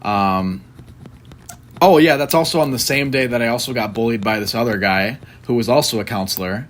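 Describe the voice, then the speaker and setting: A young man co-hosting a podcast, telling stories in a loose, halting way with fillers. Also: medium pitch. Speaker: podcast co-host. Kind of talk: casual chat.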